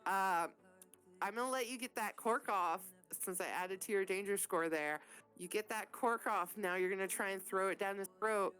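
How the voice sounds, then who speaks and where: A woman runs a tabletop game and narrates the action in a loose, profane, animated manner. Her voice sits in a middle pitch. Faint music plays underneath. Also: normal speed, clean tone. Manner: casual, profane, animated storytelling. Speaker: game master.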